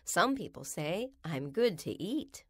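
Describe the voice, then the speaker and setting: A woman reading children's rhymes aloud in a slow, sing-song storybook manner. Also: fairly low pitch, big pitch swings, a bit bright, dry recording, clean studio sound.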